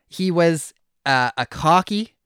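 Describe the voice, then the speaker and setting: His voice runs high with lively intonation but a slow pace, fairly bright, clear, and resonant, captured dry at studio quality. Co-hosting a podcast, the man chats casually, laughs easily, and keeps restarting sentences, with plenty of fillers.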